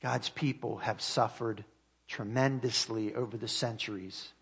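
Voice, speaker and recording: A man's voice: mid-range voice, steady tone, vocal fry, breathy edge. Earnest male pastor preaching. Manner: earnest preaching, reads scripture aloud with rising emphasis; slows and drops to quiet at phrase ends. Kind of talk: sermon.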